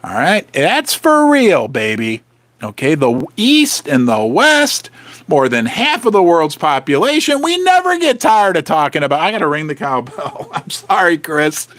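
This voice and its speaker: A man in his fifties from Saint Louis, Missouri, hosting a casual livestream from his basement in an excitable, joking, rambling way. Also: a little high, moderate pace, no room sound. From Saint Louis, Missouri, USA. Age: 50s. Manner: chatty, excitable, joking, rambling with self-interruptions. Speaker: livestream host.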